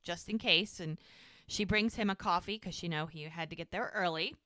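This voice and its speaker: Bright, crisp podcast co-host woman. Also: on the low side, dry recording, studio quality. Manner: animated, quotes characters in quick bits, chatty asides. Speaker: podcast co-host recapping episodes. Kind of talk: casual chat, retelling scenes.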